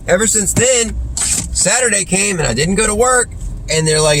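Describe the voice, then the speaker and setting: A man's voice: sits high, lively intonation, brisk, fairly bright tone, a little hiss or hum. A man telling stories in a casual, rambling way, full of slang like "dude" and "freaking". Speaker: streamer.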